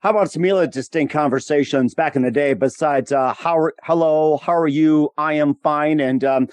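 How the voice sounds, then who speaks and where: A man's voice: fairly high pitch, moderate pace, no room sound. Rambling male interview host. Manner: rambling questions full of fillers like "like" and "you know". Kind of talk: casual interview questions.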